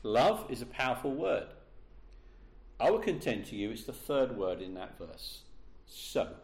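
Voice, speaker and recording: A man preaching a sermon, slowing down and leaning hard on the key words for emphasis. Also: medium pitch, expressive. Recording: roomy echo.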